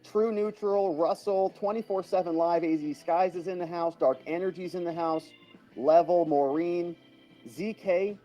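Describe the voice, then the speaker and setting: A man's voice: high-pitched, fairly even intonation, unhurried, warm tone, faint music behind. A man hosting a casual livestream, chatty and chuckling as he thanks viewers by name and reacts to their comments. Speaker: livestream host.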